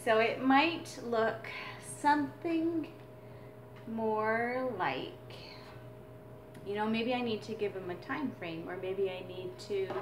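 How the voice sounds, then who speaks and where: A woman's voice: a little high, takes it slowly, noisy background. A woman teaching a drumming exercise as a mother, explaining in an earnest, reflective way. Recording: echoey room with drums.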